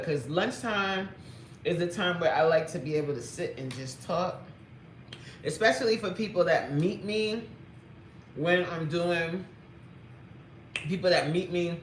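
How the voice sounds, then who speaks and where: A woman's voice: sits low, unhurried, pauses often, roomy sound, a little hiss or hum. A woman fitness coach chatting playfully on a livestream, greeting viewers by name, reading their comments aloud and laughing often.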